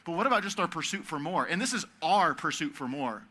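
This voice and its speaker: A man preaching to young people in a very bright, sharp voice that sits a little high. He talks casually and asks the crowd to repeat words back to him. He moves between loud, emphatic stretches and hushed, quiet ones. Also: expressive, a little fast, hardly any pauses. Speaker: youth camp speaker. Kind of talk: sermon.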